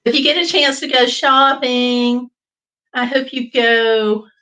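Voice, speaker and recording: A woman's voice: a little high, steady tone, takes it slowly, bright, forceful tone, low-quality recording. A middle-aged woman hosting a casual livestream chat, reading viewer comments aloud and telling corny jokes in a playful, chatty way. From United States. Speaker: livestream host.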